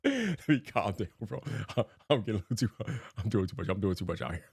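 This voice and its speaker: Young guy streaming, lots of laughs and slang, pitch all over the place, dry close sound. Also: very fast, hardly any pauses, husky, no echo. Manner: animated, laughing often, slangy. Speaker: livestream host. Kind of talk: casual livestream chat.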